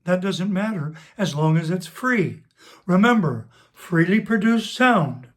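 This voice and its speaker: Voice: mid-range voice, lively intonation. A voice teacher giving a spoken singing lesson, explaining technique step by step and speaking straight to the student. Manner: slow, deliberate instructing, addressing the student directly. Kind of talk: spoken vocal lesson with sung demonstrations.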